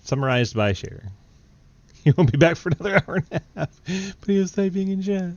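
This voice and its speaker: A laid-back male host interviews drivers with easy teasing and frequent laughter, his voice at an ordinary pitch. The sound is dry and a little dull, like a lo-fi voice chat mic. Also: sing-song, fairly quick, no echo. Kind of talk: casual post-race interviews.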